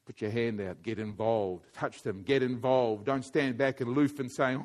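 A man preaching a sermon, swinging between quiet intimate passages and loud emphatic urging, often repeating his points. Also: mid-range voice, steady tone, normal speed. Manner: wide swings from hushed to loud, emphatic repetition.

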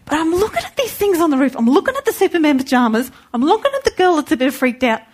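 A woman speaks to a congregation with a voice sitting a little higher than most. She tells her story in a lively way and slips into the voices of the people she met. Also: fast. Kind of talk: storytelling sermon.

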